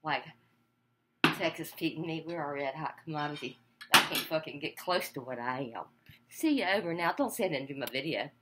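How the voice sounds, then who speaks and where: A woman's voice: low voice, lively intonation, moderate pace, heavy background noise. An older woman ranting profanely and defiantly as she cooks in her home kitchen for her video, with no one behind the camera. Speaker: cooking vlogger. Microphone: camera without an operator.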